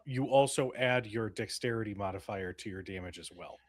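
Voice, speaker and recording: A man's voice: on the low side, a little fast, no echo. Wry man explaining game rules. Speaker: tabletop game player. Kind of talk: casual game table chat.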